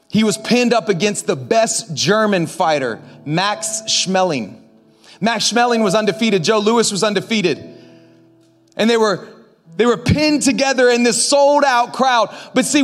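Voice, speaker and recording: A man with a notably high voice delivers a sermon to a congregation in a church. He is emphatic and animated, dropping to quiet asides and then rising to shouted commands. He jokes easily with the people in the seats. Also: measured pace, faint music behind. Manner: joking with the congregation. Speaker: pastor. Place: church sanctuary before a congregation.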